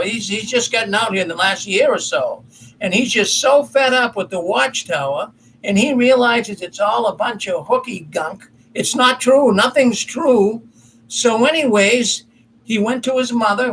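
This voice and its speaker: High-voiced man rambling through commentary. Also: a bit bright, a little hiss or hum, rough recording. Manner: rambling, folksy, self-correcting storyteller. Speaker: commentary host. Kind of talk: casual commentary monologue.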